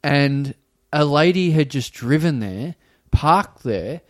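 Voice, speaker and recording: A man's voice: fairly high pitch, expressive, takes it slowly, no room sound. Meandering man, dry close sound. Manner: meandering, hesitant storytelling. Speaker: podcast co-host. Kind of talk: loose comedic chat.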